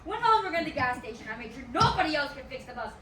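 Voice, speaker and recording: A woman's voice: sits high, big pitch swings, very fast. A woman playing a ranting vengeful coach. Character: spiteful scheming rival coach, woman. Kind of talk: live stage play acting. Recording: echoey theatre from far, noise.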